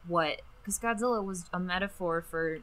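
Bright-voiced woman co-host. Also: on the low side, moderate pace. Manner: relaxed, chatty, laughs easily. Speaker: podcast co-host. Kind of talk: casual chat.

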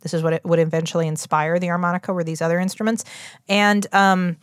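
A woman's voice: lowish voice, flat delivery, quick pace, clean tone, no echo, studio quality. Chatty woman with a West Virginia accent. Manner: chatty, rambling, full of fillers and restarts. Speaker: podcast co-host. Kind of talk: casual chat.

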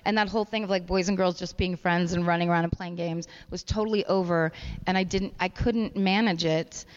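Low-voiced woman telling stories on stage. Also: brisk. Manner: self-mocking, animated anecdotes. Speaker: guest comedian. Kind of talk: candid storytelling on stage. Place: live stage at a comedy festival. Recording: long hall reverb, dull live recording.

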